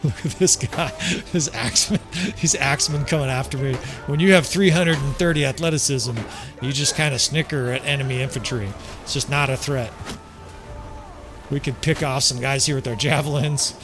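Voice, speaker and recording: A man's voice: mid-range voice, normal speed, over music. A man giving casual strategy game commentary, joking and swearing as he plays, chuckling often. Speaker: gameplay commentator.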